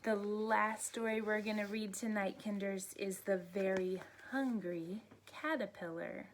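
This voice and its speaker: A woman teacher reading a bedtime story aloud to children, gentle and unhurried, sounding out the story's noises. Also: medium pitch, fairly even intonation, slight background noise.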